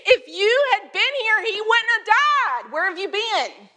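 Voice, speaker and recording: A woman's voice: on the high side, expressive, moderate pace, fairly bright tone. A woman acting out a grieving biblical woman who confronts Jesus with a heated accusation. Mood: accusing. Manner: heated, reproachful.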